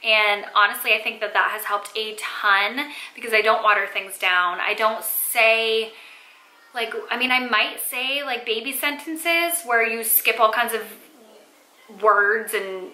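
A woman's voice: a little high, a little slow, bright, forceful tone. A young woman, a mother, chatting casually to camera with lots of "like" and "um" fillers. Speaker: mom vlogger. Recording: echoey room.

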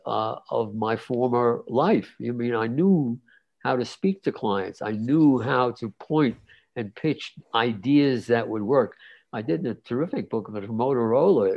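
Gravelly 90-something guy rambling through old stories, lots of uhs, dull lo-fi audio. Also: mid-range voice. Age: 90s. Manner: rambling, many fillers and restarts, laughs often. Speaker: guest cartoonist. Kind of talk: relaxed interview storytelling. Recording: dull lo-fi sound.

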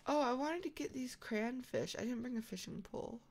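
A young woman hosting a casual co-op game session, excitable and quick to panic. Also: fairly high pitch, creaky. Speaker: gaming channel host. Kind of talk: casual co-op gameplay chat.

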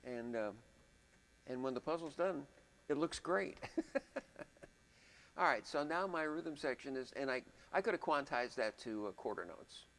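A man's voice: medium pitch, lively intonation, a little slow, vocal fry, long pauses, a bit bright, low-quality recording. A man teaching music production in a casual, thinking-aloud way, humming out drum rhythms as he goes. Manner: thinks aloud, chatty, vocalizes drum patterns.

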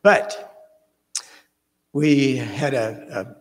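A man preacher telling a children's story during a church service, animated and dropping to hushed suspense. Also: mid-range voice, takes it slowly, pauses often. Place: church sanctuary. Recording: reverberant church hall.

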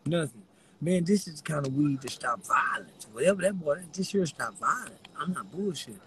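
A man rambling to the camera while high, giggling through his words, teary-eyed from laughing, with a loose, slangy way of talking. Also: expressive, moderate pace, a crowd in the background, rough recording. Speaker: vlogger. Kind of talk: rambling stoned chat to camera.

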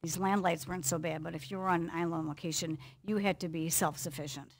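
An older woman, an author and lecturer, answering audience questions in a chatty, animated way. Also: fairly low pitch, quick pace. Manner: chatty, animated, laughs between points. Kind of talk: casual Q&A talk.

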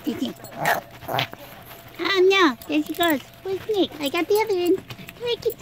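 A woman's voice: very high-pitched, lively intonation, normal speed. A woman filming her pets at home in her living room, chatting casually and cooing at them in baby talk. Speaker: vlogger showing her pets. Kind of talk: casual home video chat. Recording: noisy home recording with pets.

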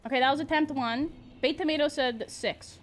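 A woman's voice: sits high, normal speed. A young woman streaming a video game, playfully exclaiming at the action and chatting with her viewers. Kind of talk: live gameplay commentary.

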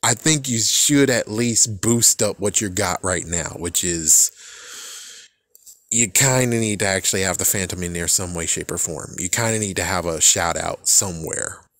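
A young man giving a casual, rambling fan reaction, excitable and swearing freely as he trails off and restarts. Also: sits low, moderate pace, dry recording. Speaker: fan vlogger.

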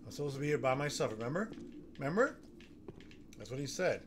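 A man giving nervous, excitable running commentary while playing a horror game, gasping and talking himself through it. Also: mid-range voice, fast talker. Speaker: gaming streamer. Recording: noticeable background noise.

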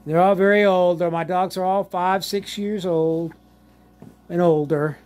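Man filming at home on a handheld camera, unhurried, fond baby talk to his dogs. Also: high voice, steady tone, a little mellow. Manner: slow, drawling, doting, laughs often. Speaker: vlogger showing his dogs. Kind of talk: casual home vlog, talking to pets. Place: home living room.

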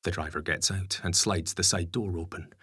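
Deep husky male audiobook narrator. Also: fairly even intonation, normal speed, sharp tone, dry recording, studio quality. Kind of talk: scripted narration.

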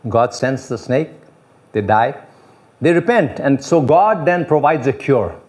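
A man preaching a sermon as pastor, animated and repetitive, often chuckling and acting out the voices of others. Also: mid-range voice, unhurried. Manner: repeats phrases and uses you know as filler.

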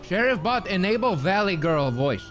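A man playing James, an odd dim-witted character in a game role-play, drawing his words out slowly. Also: high-pitched, big pitch swings, fairly bright tone. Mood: goofy. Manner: slow, drawn-out, swooping delivery.

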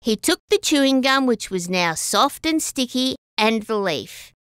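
A woman reading a children's story aloud as a storyteller, expressive and sing-song. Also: fairly high pitch, a little slow, smooth, no room sound, studio quality.

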